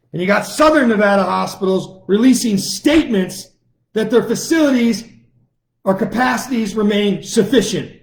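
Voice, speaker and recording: A middle-aged man talks in a fairly high register, hosting his own show. He rants in a heated, combative way, firing off taunting challenges and repeating them over and over. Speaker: lawyer and online show host. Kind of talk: combative political monologue.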